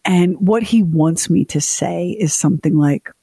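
A woman's voice: on the low side, measured pace, creaky, husky, dry recording. Chatty woman radio cohost, teasing storyteller, dry close studio sound. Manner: animated storytelling, mock voices, teasing. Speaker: radio show co-host. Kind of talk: casual radio chat.

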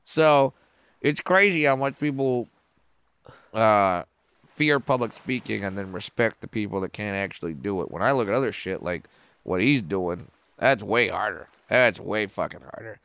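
A man who is a comedian and a podcast guest, telling stories in a casual, profane and animated way. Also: on the low side, moderate pace, smooth, no room sound.

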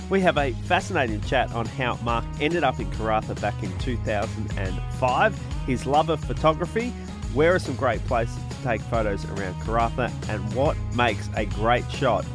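Man hosting a podcast, music underneath. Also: medium pitch. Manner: friendly, upbeat presenter with scripted intro. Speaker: podcast host. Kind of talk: podcast interview.

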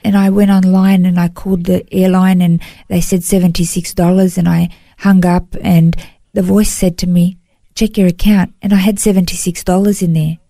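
A woman giving an earnest, emotional personal testimony in a podcast interview, halting now and then to restart a thought. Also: on the low side, level tone, vocal fry, dark tone, no room sound, clean studio sound. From Australia. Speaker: interview guest.

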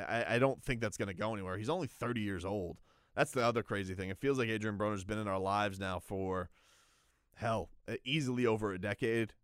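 A man hosting a sports radio show, talking casually in a rambling, animated way with many restarts. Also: mid-range voice, smooth, no echo, clean studio sound. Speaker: boxing radio host. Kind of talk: casual sports talk monologue.

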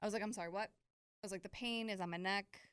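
A young woman co-hosting a casual chat, telling a story with lively acted-out quotes. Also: fast talker, clear, resonant tone, no echo, clean studio sound. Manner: animated storyteller, acts out quotes with big pitch jumps.

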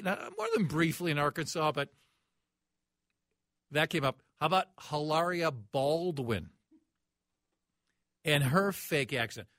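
A man's voice: sits high, sharp tone, dry recording, clean studio sound. A man hosting a sports talk radio show, ranting in a mocking, incredulous way.

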